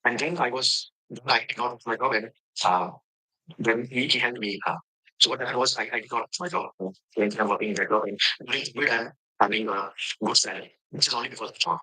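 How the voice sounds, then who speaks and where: A man from India with an Indian accent, giving a halting testimonial about his coach. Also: medium pitch, bright, forceful tone, husky, rough recording. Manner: halting, with many fillers and restarts. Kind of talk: recorded testimonial.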